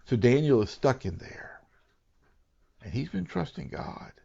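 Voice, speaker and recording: Earnest man preaching, hushed to emphatic. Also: medium pitch, big pitch swings, measured pace, gravelly, husky, muffled recording. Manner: earnest, dramatic, swings between hushed whispers and raised emphatic lines. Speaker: pastor. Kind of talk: sermon.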